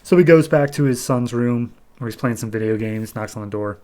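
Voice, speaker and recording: A man's voice: mid-range voice, brisk, warm tone. A man hosting a podcast, casually retelling a comic issue in a loose, chatty way. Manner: conversational, loose storytelling with frequent "he's like". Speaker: podcast host. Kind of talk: casual comic book recap.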